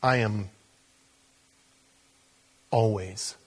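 A man preaching a sermon, telling a story that jumps between hushed asides and loud, emphatic high points. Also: fairly even intonation, very slow, husky. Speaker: pastor.

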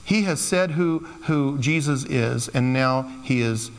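A man's voice: mid-range voice, unhurried, clean tone. A man preaching a sermon in a loose, conversational way, slipping into playful quoted asides. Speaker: pastor. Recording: long hall reverb.

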